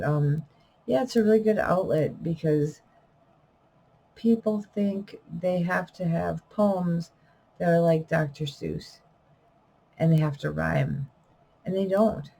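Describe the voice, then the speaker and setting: A woman's voice: fairly low pitch, gravelly, dark tone, breathy edge, low-quality recording. A middle-aged woman talking casually to camera in an unedited vlog, rambling and correcting herself, a little wheezy. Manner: rambling, trailing off with fillers and self-corrections. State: wheezing, coughing. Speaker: vlogger and self-published poet.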